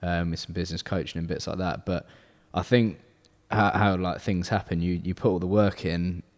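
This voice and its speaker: A man's voice: deep voice, fairly even intonation, normal speed. A man of twenty, hosting a casual podcast chat and rambling with lots of fillers and restarts. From England. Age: 20s. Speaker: podcast host, car detailing business owner. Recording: long hall reverb.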